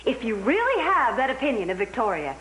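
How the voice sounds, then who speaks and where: An actress playing the gentle but firm wife of a pushy patriarch in a soap opera, calm and soothing. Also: female voice, fairly high pitch, fairly quick, a little hiss or hum, rough recording. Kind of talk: television soap opera acting.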